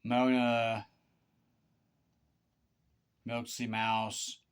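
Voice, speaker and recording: A man giving a confessional monologue to one person, halting and aggrieved, with stammered restarts and repeated words. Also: medium pitch, completely flat delivery, smooth. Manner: aggrieved, pleading. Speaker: vlogger.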